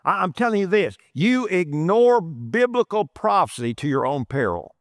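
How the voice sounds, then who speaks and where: A man's voice: high voice, big pitch swings, normal speed, no room sound, studio quality. A man preaching a sermon, emphatic and repeating phrases for stress. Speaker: pastor.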